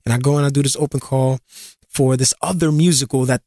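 A man from New York telling stories as an interview guest, animated and slangy, often repeating words. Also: medium pitch, fast, no room sound, clean studio sound. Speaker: interview guest, singer and actor. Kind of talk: casual interview storytelling.

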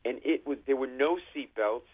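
A man from Providence, a comedian calling in and telling stories in a lively way, acting out bits of voices. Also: mid-range voice, moderate pace, breathy edge. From Providence, Rhode Island. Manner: animated storyteller, acts out voices. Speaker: comedian guest. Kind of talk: phone-in comedic chat. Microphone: phone call. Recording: tinny phone line.

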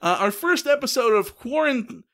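A man in his thirties co-hosting a casual podcast, talking quickly and filling pauses with "uh.". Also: very high voice, lively intonation, fairly bright tone. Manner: quick, chatty, with many "uh" fillers. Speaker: podcast co-host.

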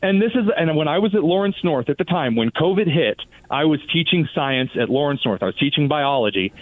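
A man's voice: fairly high pitch, fairly quick, dry recording. Sarcastic man on a tinny phone line. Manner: sarcastic, animated, mocking voices. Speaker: guest commentator. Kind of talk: political radio talk.

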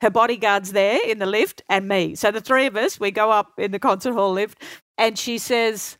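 A middle-aged woman tells a story with relish, slipping into the voices of the people in it. Her voice sits a little high and sounds close and dry, with no room around it. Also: moderate pace, smooth, no room sound. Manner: lively anecdotal storyteller, acts out quotes. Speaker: guest. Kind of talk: storytelling interview.

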